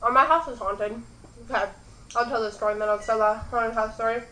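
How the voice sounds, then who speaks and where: A young woman with a fairly high voice rambles casually through a mukbang, chatting between bites. She is recorded in an echoey room at home. Faint crickets sound in the background. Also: steady tone, a little fast, fairly bright tone, slight background noise. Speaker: mukbang host. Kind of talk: casual chat while eating.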